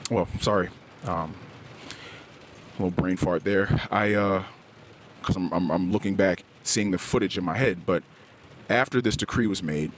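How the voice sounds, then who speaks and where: Middle-aged male podcast host, very low voice, halting confessional delivery, quiet background hum. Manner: halting and candid, frequent restarts and searching for words. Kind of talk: personal confessional podcast monologue. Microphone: podcast microphone, self-recorded.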